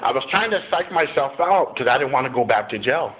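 A man's voice: mid-range voice, expressive, fairly quick. A middle-aged man casually telling a personal recovery story, profane and rambling, with lots of "you know" fillers. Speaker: speaker sharing a recovery story. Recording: tinny phone-like recording with faint hiss.

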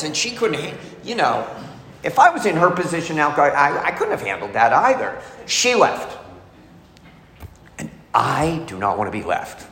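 A man's voice: a little high, sing-song, normal speed, gravelly. A middle-aged man telling his recovery story in a candid, confessional way, as a speaker at a meeting. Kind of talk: personal testimony talk. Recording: echoey hall, faint noise.

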